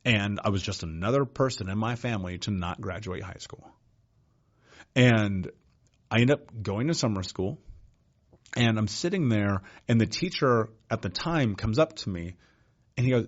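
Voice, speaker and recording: A man's voice: on the low side, animated, moderate pace, dull audio. A man as a podcast guest, telling his life story in a blunt, casual way with frequent swearing and "dude.". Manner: blunt, profane, says "dude" often.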